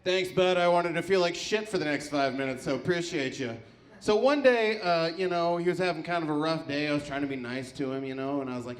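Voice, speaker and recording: A man's voice: a little high, expressive, fairly quick. Man doing stand-up in an echoey room. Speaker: stand-up comedian. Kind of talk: stand-up comedy set.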